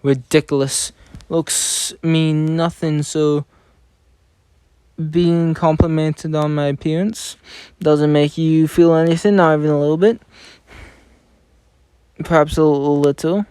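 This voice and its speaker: Man reading game dialogue in a flat, even voice. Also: on the high side, takes it slowly, pauses often, clear, resonant tone, no room sound. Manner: even, unacted reading with frequent stumbles and self-corrections. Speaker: reader of game story scenes.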